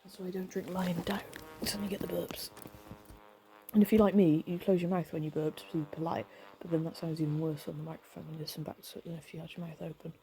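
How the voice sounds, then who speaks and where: A woman in her thirties with vocal fry, tired from lack of sleep, chatting casually and rambling with lots of fillers while playing a video game. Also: on the low side, level tone, fast talker, warm tone. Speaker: game streamer. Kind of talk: casual let's-play commentary.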